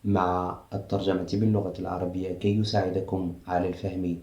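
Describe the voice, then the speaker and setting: Man with arabic accent teaching english, slow careful words, roomy echo. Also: low voice, level tone, darkish tone, dull audio. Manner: slow, careful enunciation when giving example words. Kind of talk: language lesson to camera.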